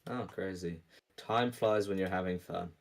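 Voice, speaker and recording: A man acting as game master on an online call, relaxed and teasing, rambling through rules. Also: low-pitched, measured pace, gravelly. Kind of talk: casual online tabletop session chat.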